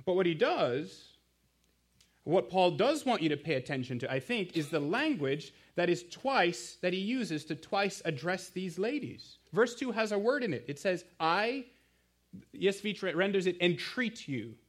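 A man's voice: high voice, big pitch swings, a little slow, slightly rough. A man in his thirties preaching a sermon in a conversational, emphatic way, often asking the listeners questions. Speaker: guest preacher, campus missionary.

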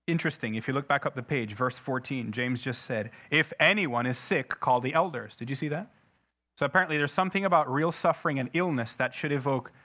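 A man's voice: on the high side, lively intonation, normal speed, bright, forceful tone. A man preaching a sermon, reading scripture aloud with heavy emphasis and often putting questions to the congregation. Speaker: pastor.

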